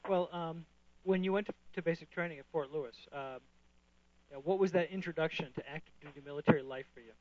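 A man's voice: fairly high pitch, quick pace. A man asking an older veteran brief, polite interview questions. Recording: dull lo-fi recording.

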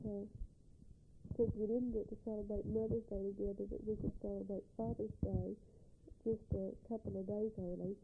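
A woman's voice: mid-range voice, narrow, tinny audio, a little hiss or hum. A young woman, a mother talking in a rambling, tender, homey way as she records a spoken letter to her husband.

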